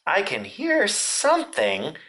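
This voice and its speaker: Calm, kindly boy, gentle and matter-of-fact, in a storybook reading, as a man puts him on. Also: on the high side, takes it slowly, pitched above the performer's own voice, heavily acted. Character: kind, calm young boy. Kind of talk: storybook read-aloud.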